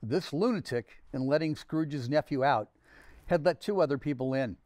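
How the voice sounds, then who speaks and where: A man volunteer reading a classic novel aloud in a steady, measured way. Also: a little high, no echo. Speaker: volunteer reader.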